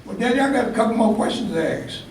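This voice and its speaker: A man's voice: extremely high pitch, very echoey, distant mic, slight background noise, rough recording. A man voicing an eager, curious young boy of about nine who asks questions in a rush. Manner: excited rapid questions.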